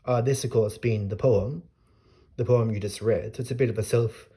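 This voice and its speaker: Man, low mellow voice, casual poetry explainer, hesitant, thinks aloud. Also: steady tone, normal speed, breathy edge. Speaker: literature explainer. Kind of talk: casual spoken poetry analysis.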